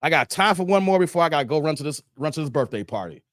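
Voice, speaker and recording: A man's voice: on the high side, expressive, racing, fairly bright tone, no room sound, studio quality. A middle-aged man hosting a live stream, chatting casually with his viewers and reading their comments aloud. He laughs often, repeats his phrases, and his voice is tired from hours of streaming.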